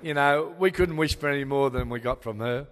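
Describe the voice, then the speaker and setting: An older Australian man gives a rambling, sentimental father-of-the-bride speech, full of fillers and restarts, in a medium-pitched voice at a fairly quick pace. The wedding speech echoes with long hall reverb and a little hiss or hum.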